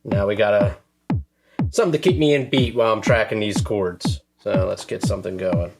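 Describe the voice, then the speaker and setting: A man casually explaining how he arranges a track on a music sampler, relaxed and full of fillers like "um" and "uh". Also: on the low side, normal speed, gravelly. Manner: relaxed, filler-heavy, self-deprecating. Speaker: music producer demonstrating a track. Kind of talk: casual tutorial talk.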